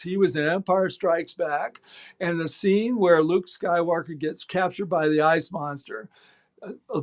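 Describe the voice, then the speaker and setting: Middle-aged man, bookstore owner, chatty anecdotal guest, slightly high voice. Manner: animated anecdotes, acts out quoted voices. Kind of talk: casual interview storytelling.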